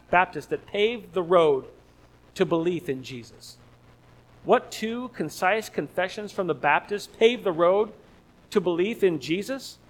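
Male pastor with a high, light voice; delivers a sermon with emphatic, repetitive phrasing. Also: poor audio. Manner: emphatic, repeats key phrases for stress. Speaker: preacher. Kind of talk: expository sermon.

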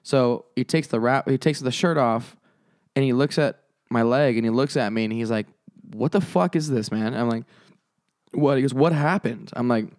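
A man's voice: medium pitch, fairly even intonation, moderate pace, a little mellow, clean tone, no echo, studio quality. A man telling a long story in casual chat, rambling with lots of filler words and swearing.

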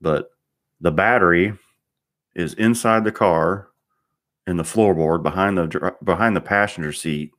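A man's voice: low-pitched, measured pace, long pauses, a bit bright. A man, a car mechanic, ranting bluntly in a rambling monologue and swearing constantly.

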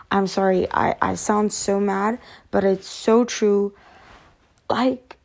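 A woman's voice: medium pitch, level tone, slow, creaky, darkish tone. A tired woman vlogging candidly to camera, rambling frankly and swearing often. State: tired from lack of sleep. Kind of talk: candid personal talk to camera.

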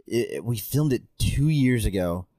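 A relaxed male actor chatting on a podcast and telling a story in an easy, self-mocking way. His voice sits at an ordinary middle pitch, recorded close and dry with no room sound. He swears offhandedly. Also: normal speed, no room sound. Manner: relaxed storytelling, swears casually, laughs at himself. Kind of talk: casual chat.

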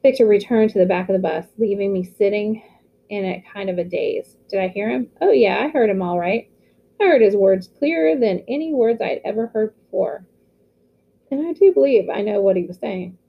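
A woman reading a novel aloud with steady storytelling. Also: medium pitch, normal speed, gravelly, dull audio. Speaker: audiobook reader.

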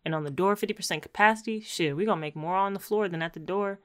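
Playful slangy woman, lower voice. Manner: playful, slangy, quick to laugh. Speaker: podcast co-host. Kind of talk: casual recap chat.

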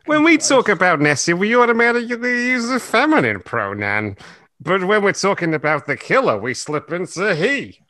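A man co-hosting a comedy podcast, reading and adding quick, wry commentary. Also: high voice, very animated, pushed and bright, no room sound. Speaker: podcast co-host.

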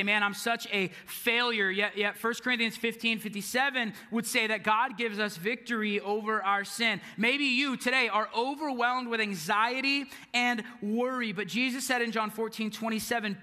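High, bright young pastor in an echoey hall. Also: male voice, steady tone, moderate pace, hardly any pauses. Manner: casual, storytelling, swings from hushed to emphatic. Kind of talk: sermon. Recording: echoey hall with long reverb.

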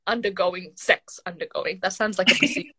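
A woman's voice: on the low side, brisk, pushed and bright, no room sound. A young adult woman co-hosting a casual podcast chat, talking loosely with lots of "like" and restarts. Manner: chatty, heavy use of "like", trails off and restarts. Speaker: podcast co-host.

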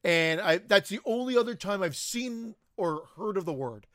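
A man co-hosting a podcast in casual chat, animated, swearing and laughing easily. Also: high voice, normal speed, no echo, clean studio sound. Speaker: podcast co-host.

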